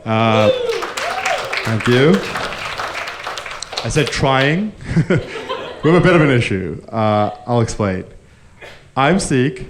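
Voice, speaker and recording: A man's voice: on the low side, gravelly, slight background noise. A man performing a live stand-up comedy set, telling stories and acting out the people in them. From grew up Indian. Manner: animated storytelling, acting out characters. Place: live comedy stage with audience. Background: audience laughter.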